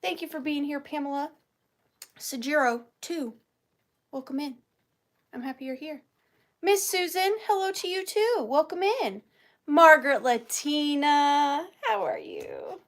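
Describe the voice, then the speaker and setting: A young woman with a high, bright-sounding voice hosts a live vintage sale. She chats in a bubbly, playful way and greets her viewers one by one. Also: measured pace, pauses often. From Georgia, US. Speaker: online vintage seller hosting a live sale.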